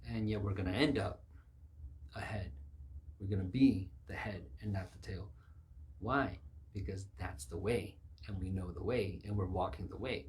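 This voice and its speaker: A man's voice: low voice, moderate pace, a little mellow. A man preaching a sermon in an emphatic way, acting out the voices of the people he quotes.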